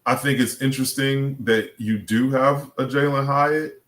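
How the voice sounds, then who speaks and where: A man talking as a podcast guest, laying out his points one by one in a measured way. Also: medium pitch, fairly even intonation, fairly bright tone. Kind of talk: casual sports talk.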